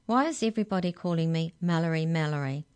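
A woman's voice: sits low, quick pace, darkish tone, smooth, natural voice. A woman playing an indignant little girl.

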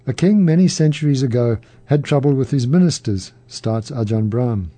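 A man hosting a program, reading a story aloud in a measured, gently humorous way. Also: mid-range voice, no room sound. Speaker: radio program host.

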